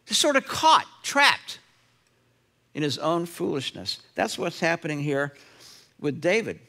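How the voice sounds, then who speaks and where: A middle-aged male pastor delivering a sermon, his high voice swinging up and down as he tells stories. His tone is bright and forceful. He slips into quick impressions of the people he quotes. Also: vocal fry. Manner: animated preacher acting out quoted voices. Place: church sanctuary.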